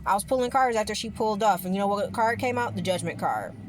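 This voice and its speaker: A woman's voice: mid-range voice, fast, a little hiss or hum. A woman vlogger talking casually to her viewers about spirituality, rambling and emphatic, with the odd swear word.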